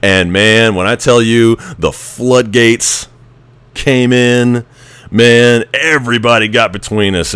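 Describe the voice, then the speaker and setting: A man's voice: medium pitch, a little slow, a bit bright, smooth, no echo. A man telling a story in a casual, rambling way, with frequent restarts and military slang. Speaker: vlogger telling a training story.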